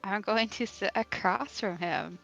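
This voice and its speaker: A woman's voice: medium pitch, unhurried, gravelly, muffled recording, music in the background. A woman playing a tabletop game, giggling and hesitating as she describes her moves. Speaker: player.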